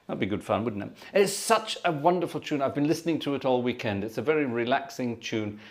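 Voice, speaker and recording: A cheerful man hosting a live organ-music stream. He talks to viewers in a chatty, effusive way and keeps thanking them by name. His pitch swings up and down in a lively, sing-song way. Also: a little fast. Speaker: livestream organist and host. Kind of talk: live-stream chat between organ tunes.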